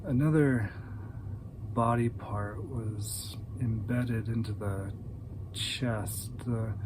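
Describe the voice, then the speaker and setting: Brief: a man reading the part of a numb woman volunteer, dry monotone, low and very slow. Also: noisy background.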